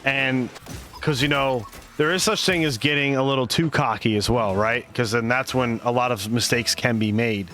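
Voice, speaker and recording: Male esports caster, bright tone, quick laughs, live play-by-play. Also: mid-range voice, faint music behind. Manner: excitable, laughs often, rambling asides.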